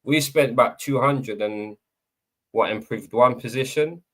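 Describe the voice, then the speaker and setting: A man on a live football chat show giving his view in a measured, conversational way. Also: medium pitch, a bit bright, husky. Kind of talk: casual live podcast chat.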